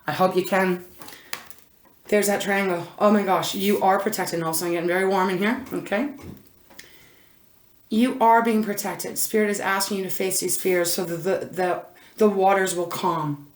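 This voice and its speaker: A woman's voice: mid-range voice, fairly even intonation, moderate pace, reverberant. A woman giving an intuitive card reading to camera, chatty and rambling, breaking off often to exclaim and restart. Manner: chatty, rambling, self-interrupting, frequent "oh my gosh". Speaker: intuitive tarot reader. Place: indoor room. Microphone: camera mic.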